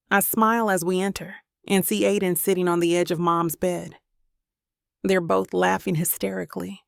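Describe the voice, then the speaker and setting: A woman narrating a romance audiobook in the first person, with steady, even storytelling. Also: mid-range voice, creaky, no echo, clean studio sound.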